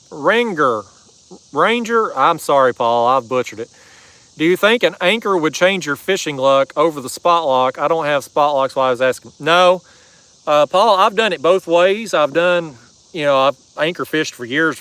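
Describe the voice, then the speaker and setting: This man's mid-range voice is a bit bright with a clean tone and no echo, though the audio is poor. He's out on a river in a kayak, running a fishing livestream where he chats easily and reads off viewer comments in a folksy drawl.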